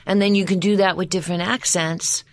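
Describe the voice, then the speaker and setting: A woman voice coach in a casual interview, talking in an animated way and dropping her pitch to show how voices change. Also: brisk.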